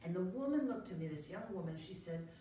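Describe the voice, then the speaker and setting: A woman evangelist telling a testimony with energy and humor, swinging from hushed to loud, heard from a distance in an echoey room. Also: lowish voice, lively intonation, quick pace, slight background noise. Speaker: evangelist guest. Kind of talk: storytelling testimony.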